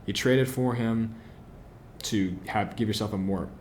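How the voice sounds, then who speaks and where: An opinionated man hosts a football podcast on his own, posing questions and then answering them with plenty of "you know" and "um." His voice sits on the low side. A faint hiss of background noise runs under the recording. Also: a little slow, a little mellow. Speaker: podcast host. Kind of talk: solo football analysis podcast.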